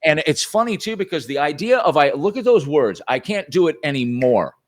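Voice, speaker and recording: A man's voice: fairly high pitch, big pitch swings, a little fast. A man who is a guest on a talk show, speaking emphatically and with profanity in casual political conversation. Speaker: guest filmmaker.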